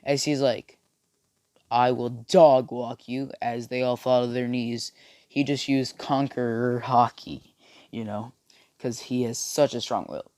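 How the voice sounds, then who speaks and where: A man's voice: medium pitch, fairly even intonation, measured pace, darkish tone, no room sound, studio quality. A young man casually telling a made-up fan story, with many fillers and restarts. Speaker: video creator. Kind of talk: rambling fan-fiction storytelling.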